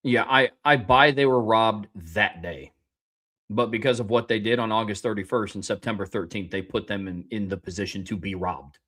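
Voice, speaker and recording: A man's voice: lowish voice, steady tone, moderate pace, fairly bright tone. A man co-hosting a sports podcast who reads listener submissions and gives blunt takes. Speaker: co-host. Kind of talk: casual sports podcast chat.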